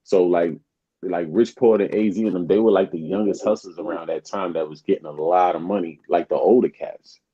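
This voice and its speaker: A man's voice: sits low, brisk, mellow, husky. A man co-hosting a podcast, laying out a story in a laid-back, casual way. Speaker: podcast co-host. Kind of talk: casual chat. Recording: dull lo-fi sound.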